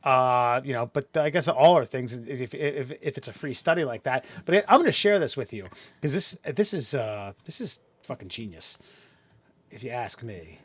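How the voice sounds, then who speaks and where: A man hosting a casual podcast, swearing often and rambling in quick bursts. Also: mid-range voice, expressive, dry recording. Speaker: podcast host.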